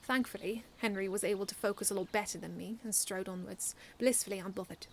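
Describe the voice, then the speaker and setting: A woman reading her own first-person fan story aloud in an earnest, expressive way, often restarting lines. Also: mid-range voice, quick pace, a little hiss or hum.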